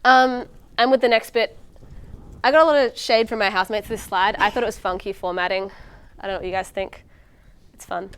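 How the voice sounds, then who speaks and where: A woman's voice: medium pitch, steady tone, brisk, fairly bright tone, clear, resonant tone. A young woman in her twenties, a medical student giving a casual exam-prep lecture, chatty and full of ums and likes. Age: 20s.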